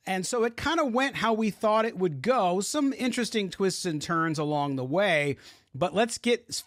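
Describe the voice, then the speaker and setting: A man's voice: sits high, dry recording. A man hosting a live postgame sports show from his home studio, talking conversationally and leading the segment. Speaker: host.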